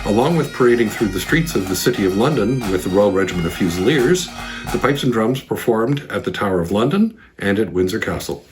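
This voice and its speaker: Low-voiced man narrating over bagpipes. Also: expressive, brisk. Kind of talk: scripted narration. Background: bagpipe music.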